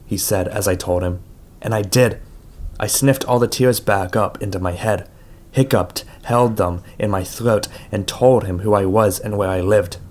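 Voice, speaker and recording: A man reading a novel aloud as an audiobook narrator, in a measured, quiet way. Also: fairly low pitch.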